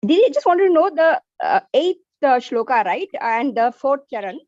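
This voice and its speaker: A woman student haltingly asking a question in an online class over a video call. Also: high voice, big pitch swings, darkish tone, dry recording. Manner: hesitant, searching for words. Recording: dry, dull lo-fi audio.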